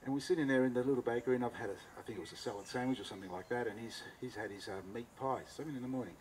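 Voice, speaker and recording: A man's voice: medium pitch, very fast, darkish tone, slight background noise, low-quality recording. An Australian man, a cooking teacher giving a talk, tells a story with animation and acts out both sides of a conversation.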